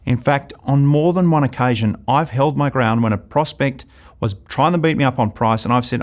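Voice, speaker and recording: Lively Australian sales trainer telling stories. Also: male voice, mid-range voice, moderate pace. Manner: lively storytelling, acts out dialogues. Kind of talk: recorded course lecture.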